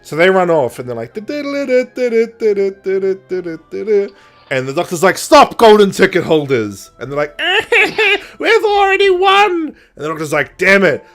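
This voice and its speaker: A man's voice: on the high side, animated, brisk, hardly any pauses, a bit bright, soft background music. A man co-hosting a podcast, animatedly retelling episodes and acting out characters in put-on voices. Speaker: podcast co-host. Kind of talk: casual chat.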